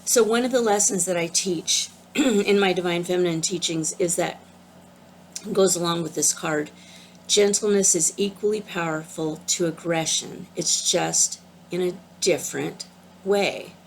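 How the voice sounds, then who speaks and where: A woman speaking as a spiritual teacher, her voice sitting a little low. She talks in a calm, gentle and earnest way, casual and unhurried as she explains a card to her listeners. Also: a little hiss or hum. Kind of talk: casual talk on an oracle card.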